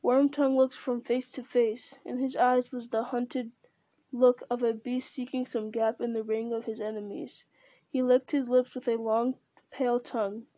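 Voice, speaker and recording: Mellow woman reading a novel aloud. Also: a little high, little pitch movement, no echo. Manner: measured, with small restarts. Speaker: reader.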